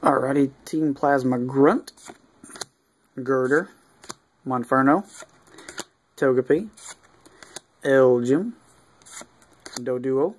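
A man giving casual unboxing commentary, reading off cards one by one with easygoing, mildly excited asides and fillers. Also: mid-range voice, slow, long pauses, a little hiss or hum. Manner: easygoing, reads off cards one after another. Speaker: video creator opening card packs.

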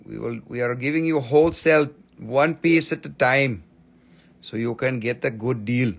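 A man's voice: mid-range voice, normal speed, vocal fry. A man selling stones on a live shop stream, in joking patter with playful broken English. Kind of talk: live sales pitch.

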